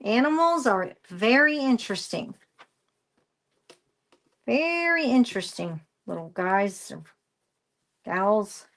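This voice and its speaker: A woman's voice: a little high, very animated, slow, pauses often, a bit bright. A woman presenting a craft live stream, rambling through a story and greeting viewers by name as she works. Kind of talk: casual chat while crafting.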